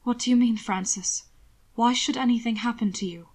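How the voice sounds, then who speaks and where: A woman's voice: on the high side, moderate pace, darkish tone, lightly acted. A woman voicing a tense, fragile young man who speaks in a trembling whisper, in a storybook reading. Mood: worried.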